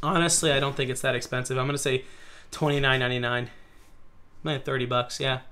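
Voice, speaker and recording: A man's voice: mid-range voice, flat delivery, brisk, pushed and bright. A man co-hosting a casual podcast, rambling, swearing and acting out voices in his stories. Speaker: podcast co-host. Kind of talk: casual chat.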